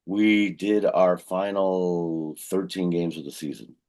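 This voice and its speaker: A man's voice: takes it slowly, a little mellow. A man co-hosting a casual fan podcast, rambling with fillers and self-corrections. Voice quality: very deep gravelly husky voice. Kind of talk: casual sports chat.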